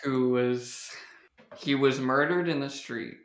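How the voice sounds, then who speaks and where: A man's voice: medium pitch, fairly even intonation, takes it slowly, roomy sound. A man hosting a casual podcast, leading segments in a loose, jokey way. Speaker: podcast host.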